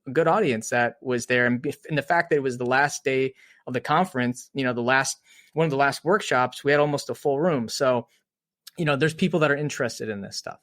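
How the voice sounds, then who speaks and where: A man's voice: mid-range voice, a bit bright, dry recording, clean studio sound. A man co-hosting a podcast, talking earnestly in casual chat and often restarting his sentences. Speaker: podcast co-host.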